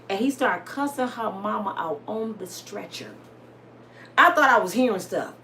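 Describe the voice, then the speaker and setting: A woman with an African American Vernacular English accent, telling a dramatic personal story to her listeners in a casual, lively way. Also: fairly high pitch, moderate pace, slight background noise. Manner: dramatic, addresses listeners as y'all. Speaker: storyteller host.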